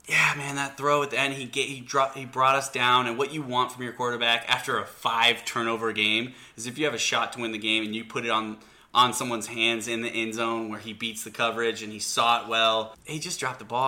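A man co-hosting a sports podcast, telling stories in an animated, casual way. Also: medium pitch, fairly quick. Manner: animated storyteller. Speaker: podcast co-host.

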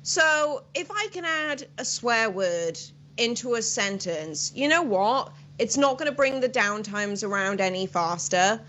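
Bright-voiced young British woman. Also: fairly high pitch. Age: 20s. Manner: chatty and animated, quick asides. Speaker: guest commentator. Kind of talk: casual chat.

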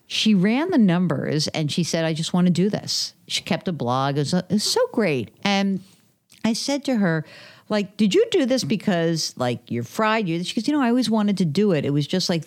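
Woman podcast guest, personal finance author, a bit low-pitched, conversational storyteller who acts out quoted lines. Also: very animated, normal speed. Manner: chatty, acts out quoted dialogue, many fillers.

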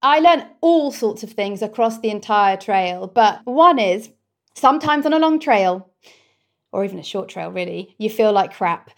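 A British woman, a guest in an interview, telling her story in a heartfelt, expressive way. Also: medium pitch, moderate pace. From Britain. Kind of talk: conversational interview.

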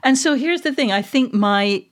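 A woman's voice: high-pitched, lively intonation, normal speed. A middle-aged woman from Manchester with a mid-Atlantic accent, co-hosting a podcast in casual, reflective chat. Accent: mid-Atlantic English. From England, Manchester. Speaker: podcast co-host.

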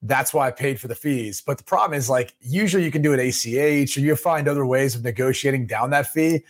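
A man co-hosting a sports podcast in casual chat, relaxed and joking, sometimes slipping into mock voices. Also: mid-range voice, quick pace. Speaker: podcast co-host.

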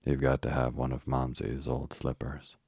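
A man voicing a brisk, motherly young girl who is the eldest sister, talking in a quick, reassuring way, in a storybook reading. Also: rumbling low, monotone, a little mellow, husky, no echo, clean studio sound, heavily acted.

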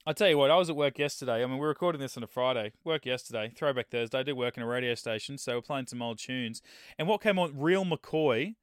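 A man's voice: medium pitch, fast talker, clean tone, no echo. Chatty jokey man, dry close mic. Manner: chatty and jokey, often laughing. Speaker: podcast co-host. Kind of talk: casual podcast chat.

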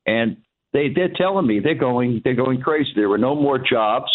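A man calling a radio talk show, speaking haltingly and repeating words. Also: medium pitch. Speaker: caller. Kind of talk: phone-in chat. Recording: tinny phone line.

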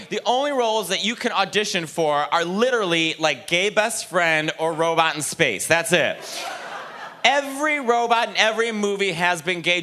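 High, lively campy comedian man. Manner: animated and campy, with quick jokes. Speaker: stand-up comedian. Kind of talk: stand-up set. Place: comedy club stage.

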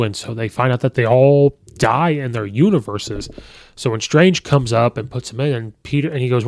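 A man hosting a podcast, recapping a film in a casual, rambling way with many fillers and quick quoted asides. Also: medium pitch, darkish tone, no echo, clean studio sound. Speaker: podcast host reviewing a film. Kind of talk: casual movie review.

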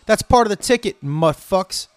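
A man's voice: high-pitched, expressive, normal speed, smooth, no room sound. A man delivering an angry, profanity-heavy, stream-of-consciousness rant to his viewers. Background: faint music playing.

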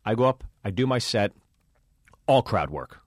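A man's voice: fairly low pitch, lively intonation, normal speed, dry recording, clean studio sound. A man, a comedian co-hosting a podcast, telling a road story in casual chat and acting out the dialogue with plenty of swearing.

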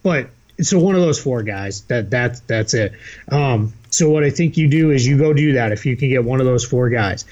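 Boston guy cohosting a podcast, animated and chatty, kinda muffled audio. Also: medium pitch, normal speed. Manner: animated, laughs easily. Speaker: podcast co-host. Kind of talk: casual podcast chat.

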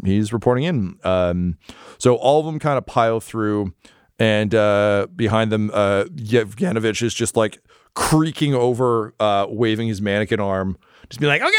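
A man's voice: on the low side, clear, resonant tone, dry recording, clean studio sound. A man narrating as game master in a casual, swearing style with many fillers.

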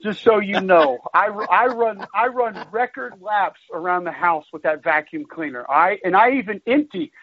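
A man's voice: high voice, moderate pace, hardly any pauses, no room sound. A man joining a podcast chat as guest, mock-defensive and joking. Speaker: guest analyst. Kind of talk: casual chat. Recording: tinny phone-like line.

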